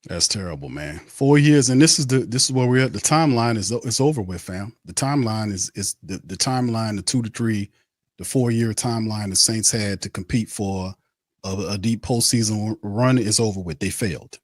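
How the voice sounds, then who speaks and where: A man's voice: on the low side, normal speed, no room sound, clean studio sound. A man hosting a postgame sports show. He rants bluntly and heatedly and keeps repeating his phrases. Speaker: sports talk show host.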